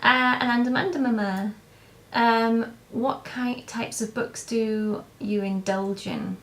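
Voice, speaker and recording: A woman's voice: on the high side, steady tone, slow. A young woman vlogger answering viewer questions in a casual, rambling way, with lots of hesitations and restarts. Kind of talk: casual chat to camera.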